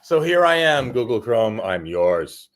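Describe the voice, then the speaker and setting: A man joins a live stream as a guest, his voice sitting at an ordinary middle pitch. He talks in an easygoing, casual way and laughs along with the host. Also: very animated, measured pace.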